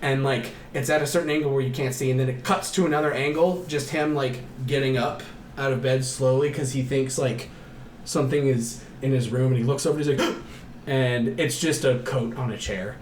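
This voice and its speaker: A man co-hosting a podcast, recapping a horror film in a casual, animated way, acting out the characters with gasps and shouts and swearing often. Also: mid-range voice, brisk, reverberant, a little hiss or hum. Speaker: podcast co-host.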